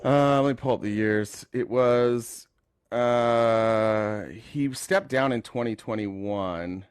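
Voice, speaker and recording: A man's voice: medium pitch, slow, clean tone, dry recording. A man hosting a call-in debate show, combative and sarcastic, pushing back on callers. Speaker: talk show host taking callers.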